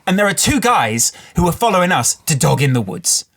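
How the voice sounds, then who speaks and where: A man's voice: on the high side, sing-song, brisk, vocal fry, fairly bright tone, breathy edge. Rambling man from the Midlands. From English Midlands. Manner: rambling storyteller, swears casually. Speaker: podcast co-host. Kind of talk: casual podcast chat. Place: podcast studio.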